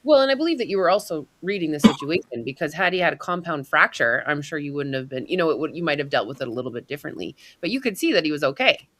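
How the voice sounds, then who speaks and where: A woman's voice: sits low, sing-song, quick pace, hardly any pauses, a bit bright. A woman in casual podcast chat, affirming and explaining things in hypnosis terms.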